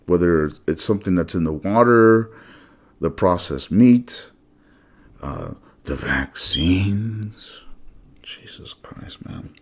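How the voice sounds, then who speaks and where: Man, low voice, slow swearing rant with swooping pitch, blunt host delivery. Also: lively intonation. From United States. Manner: blunt, profane, emphatic. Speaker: channel host. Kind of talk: solo ranting monologue.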